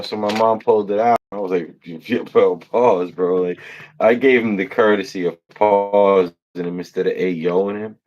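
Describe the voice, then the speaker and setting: A man's voice: low-pitched, lo-fi sound. A man hosting a casual livestream, rambling through funny stories, swearing and laughing often. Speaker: host.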